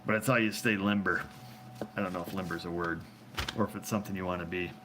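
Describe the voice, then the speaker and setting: A man's voice: deep voice, steady tone, fast, noisy background. A man hosting a casual live chat, answering viewer questions in a rambling, joking way and laughing often, recorded on a phone.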